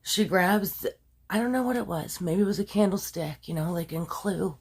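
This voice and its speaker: A woman's voice: lowish voice, normal speed, a little mellow, breathy edge. A woman casually retelling a true crime story, chatty and full of asides, laughing at her own dramatic telling.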